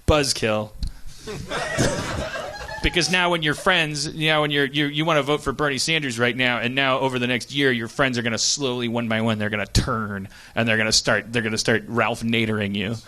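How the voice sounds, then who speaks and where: A man's voice: medium pitch, fairly even intonation, moderate pace, background noise. A middle-aged man hosting a live comedy podcast, rambling in casual chat with many stammered restarts and chuckling asides. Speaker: podcast host. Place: live stage show.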